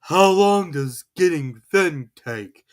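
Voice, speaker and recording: A narrator voicing a slow, plaintive, honey-loving bear in a storybook reading, drawn out and mournful. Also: medium pitch, big pitch swings, voice pushed up.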